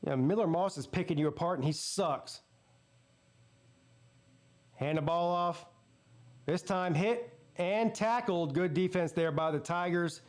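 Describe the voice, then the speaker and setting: A man's voice: high voice, a little slow, pauses often. A man hosting a live football watch party, giving blunt, profane play-by-play between fired-up rants. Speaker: sports channel host.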